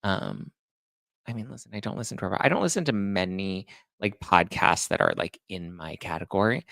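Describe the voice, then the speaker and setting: A man hosting a casual chat show, reading viewer comments aloud and retelling stories with animated energy. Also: sits low, normal speed, gravelly, dry recording. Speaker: host.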